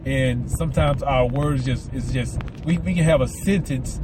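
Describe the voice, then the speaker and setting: A man's voice: mid-range voice, normal speed, background noise. A man with a Southern American accent hosting a casual podcast, rambling and repeating words, with a slight lisp from mouth aligners. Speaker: podcast host. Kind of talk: casual solo podcast monologue.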